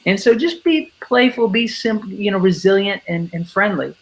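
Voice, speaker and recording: A man's voice: high voice, normal speed, low-quality recording. A man who speaks and teaches about bullying, answering interview questions emphatically and acting out the kids he quotes. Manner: emphatic, acts out kids' voices in quotes. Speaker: anti-bullying speaker and educator. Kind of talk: interview guest explaining.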